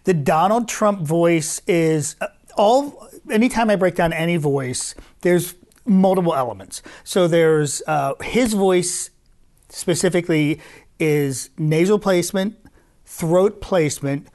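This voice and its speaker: A man's voice: a little high, slow, a little mellow. A man who is a voice impressionist, answering interview questions and explaining how he breaks down voices. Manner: explains voice technique in detail, with restarts.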